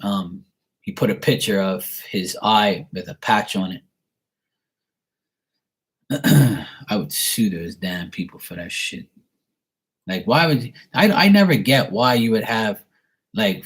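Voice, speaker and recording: Though slow and given to long pauses, this lowish-voiced man has lively intonation. He's on a casual live stream doing tarot and answering viewer questions, rambling with "you know" fillers and speaking bluntly, sometimes with swearing.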